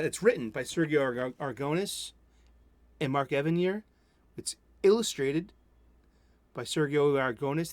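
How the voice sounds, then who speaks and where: A man's voice: fairly high pitch, no echo. A man, hosting a casual solo comics review stream and rambling enthusiastically with many self-interruptions. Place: home studio.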